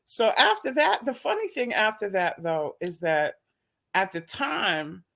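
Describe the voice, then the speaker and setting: A woman's voice: medium pitch, big pitch swings, unhurried, creaky, a bit bright. A middle-aged woman, a talk show guest, telling a story casually and animatedly, acting out quoted dialogue with laughs.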